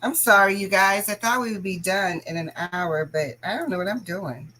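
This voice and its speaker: A woman hosting a casual crafting livestream, chatting to viewers in an animated, bubbly way. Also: medium pitch, normal speed, rough recording.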